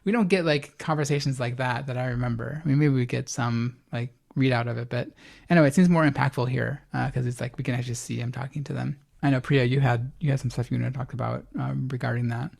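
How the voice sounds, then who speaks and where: Gravelly-voiced podcast co-host, hesitant chat. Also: medium pitch, fairly even intonation, quick pace, darkish tone. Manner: hesitant, lots of fillers and restarts, laughs along. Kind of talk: casual chat about a TV series.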